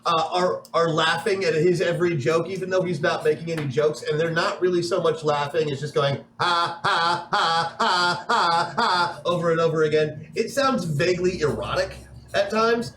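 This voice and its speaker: A man's voice: fairly high pitch, fairly quick, roomy sound, slight background noise, low-quality recording. A man narrating a tabletop game as game master in a playful, rambling way.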